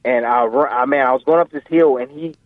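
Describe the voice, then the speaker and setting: Male phone-in guest, rambling storyteller, flat dry phone sound. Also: mid-range voice, fairly quick, no room sound. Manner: animated, rambling, full of fillers. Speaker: guest, professional boxer. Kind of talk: casual storytelling interview. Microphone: phone call. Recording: tinny phone line.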